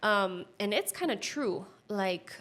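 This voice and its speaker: A woman in her thirties giving a personal testimony as a podcast guest, earnest and heartfelt, with lots of "like" fillers and a hushed voice at tender moments. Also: medium pitch, lively intonation, slow pace. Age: 30s. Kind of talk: personal testimony in casual conversation.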